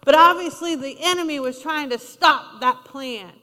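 A woman's voice: sits high, moderate pace, pushed and bright. A woman preaching a sermon in a conversational style, acting out quotes as she goes. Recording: long reverb of a large hall.

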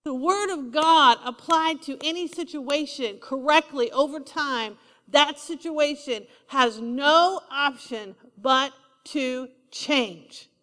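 A woman's voice: sits high, slow pace, a bit bright, in a large hall. A woman preaching a sermon, emphatic and repetitive, asking the congregation for responses. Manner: emphatic, repeats key lines, asks the congregation for responses.

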